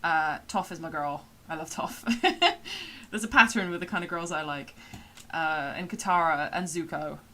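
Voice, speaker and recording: Bright-voiced Somerset woman streamer. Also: deep voice, unhurried, slight background noise. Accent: Somerset English. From England. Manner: chatty and rambling, with frequent fillers and laughs. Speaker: streamer and voice actor. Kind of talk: casual live-stream chat.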